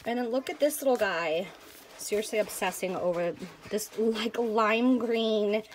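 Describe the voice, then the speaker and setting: A woman's voice: a little high, measured pace, a little hiss or hum. Gushing woman unboxing craft mail. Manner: gushing, excitable, addresses viewers as you guys. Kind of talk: casual unboxing chat.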